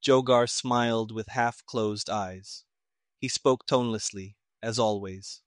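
A man reading a story aloud as narrator in an even, measured manner. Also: lowish voice, dry recording, clean studio sound. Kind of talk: audiobook narration.

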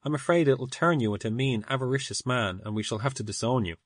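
A man's voice: medium pitch, fast talker, no echo, clean studio sound, close to an everyday voice. A man reading as a teasing young son. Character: joking young adult son.

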